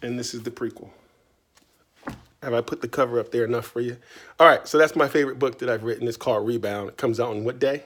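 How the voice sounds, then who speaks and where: A man's voice: medium pitch, steady tone, fast, a bit bright. A man from Virginia answering reader questions in a casual, playful, chatty way from his writing studio. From Tidewater Virginia, US. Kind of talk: casual video Q&A.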